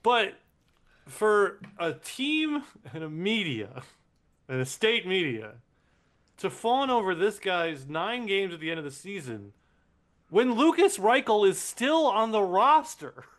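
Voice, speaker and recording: Man, sarcastic podcast co-host, animated pitch, slightly high voice. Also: slow pace. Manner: wry, sarcastic, laughs often. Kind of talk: casual sports podcast chat.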